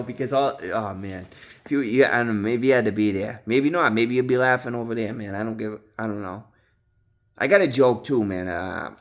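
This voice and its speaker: A man rambles to his viewers in a loose, unscripted vlog, piling on slang, curses and fillers like "you know" and "man." His voice sits at an ordinary middle pitch, and he jumps loud and high whenever he acts out his own past yelling. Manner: rambling, heavy slang and swearing, lots of fillers. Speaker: vlogger in recovery. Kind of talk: casual monologue to camera.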